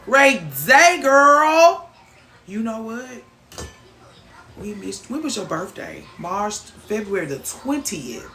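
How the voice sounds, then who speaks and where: A woman's voice: mid-range voice, fairly bright tone. A woman hosting a casual livestream, reading viewer comments aloud and teasing them, swearing freely. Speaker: livestream host. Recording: roomy echo, faint background noise.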